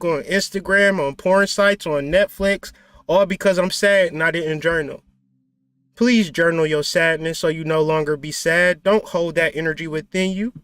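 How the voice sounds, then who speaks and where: A man with a high voice delivers blunt, profane spiritual advice in a loose, preachy manner with playful asides. The recording is dry and close, with faint music underneath. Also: fairly bright tone, dry recording. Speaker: spiritual teacher. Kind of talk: casual spiritual talk.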